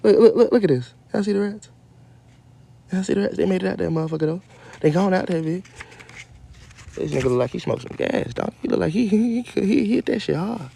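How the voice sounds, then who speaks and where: A man casually reading a children's story aloud and breaking off into loud, profane, joking commentary. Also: sits high, expressive, fairly quick, vocal fry, pauses often. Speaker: radio show host reading to kids.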